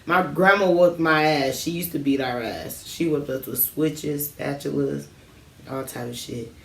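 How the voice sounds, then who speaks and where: Smoking during a casual late-night chat, a woman co-hosting a podcast tells childhood stories in a laid-back way, full of slang and laughter. Her voice is low-pitched and unhurried. She's off-mic and distant in an echoey room with faint noise.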